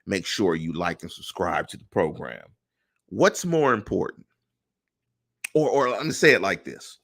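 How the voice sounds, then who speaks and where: Animated middle-aged man hosting a podcast. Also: low voice, measured pace, gravelly. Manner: animated, rhetorical questions to listeners. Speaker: podcast host. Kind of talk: solo sports podcast commentary.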